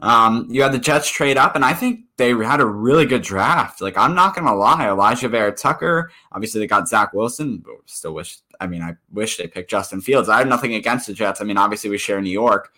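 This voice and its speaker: A man's voice: lowish voice, expressive, fairly quick, hardly any pauses, sharp tone. A man co-hosting a casual sports podcast, rambling with frequent restarts. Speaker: podcast co-host.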